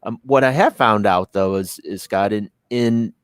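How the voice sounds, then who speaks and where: A man's voice: fairly low pitch, unhurried, clear, resonant tone, no room sound. A man co-hosting a casual business chat, laughing often and restarting his phrases.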